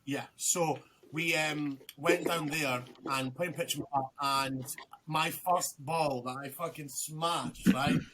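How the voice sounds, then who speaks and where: A man's voice: on the high side, steady tone, takes it slowly, noisy background. A young man, a podcast guest, telling a rambling story in casual chat, swearing freely and restarting his sentences.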